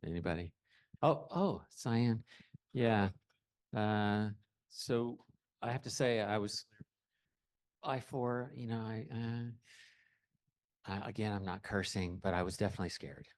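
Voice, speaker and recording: A man moderating a panel, stopping and restarting often as he hands over to guests. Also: lowish voice. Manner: halting, many fillers and restarts.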